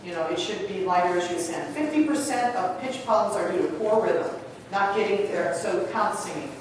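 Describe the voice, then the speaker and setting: A woman teaches choir technique from a stage in a big, echoing hall, her voice landing from a distance with a long reverb tail. She talks in a lively, chatty way, with the murmur of an audience in the background. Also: medium pitch, fairly quick, a little hiss or hum. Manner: lively, chatty, acts out whispered demonstrations. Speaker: choral conductor giving a workshop. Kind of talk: conference lecture with demonstrations. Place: large conference hall.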